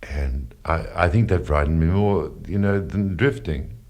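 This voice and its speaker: A former radio presenter tells a story in an interview, earnest and self-deprecating. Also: male voice, deep voice, a little slow, a little mellow. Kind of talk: reminiscing in an interview.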